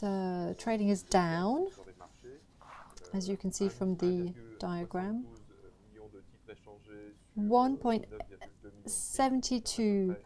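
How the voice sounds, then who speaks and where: A woman's voice: medium pitch, creaky, mellow. A woman presenting annual financial results to investors, talking in a hesitant way with many fillers and restarts.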